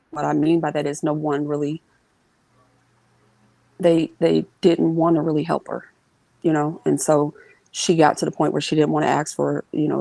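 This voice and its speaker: A woman telling an emotional family story as an interview guest, earnest and halting, sometimes acting out what others said. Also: deep voice, vocal fry, dark tone, dry recording, low-quality recording.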